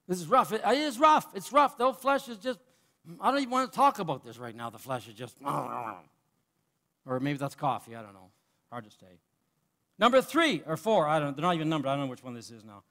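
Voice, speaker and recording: A male preacher with a very high voice delivers an impassioned sermon. He swings between loud, fervent cries and quiet asides. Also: sing-song, quick pace.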